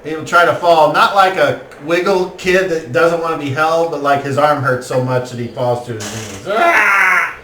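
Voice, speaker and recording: A man running a tabletop game as game master, excitable and quick to burst into laughter and shouts. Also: a little high. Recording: roomy, distant mic with faint noise.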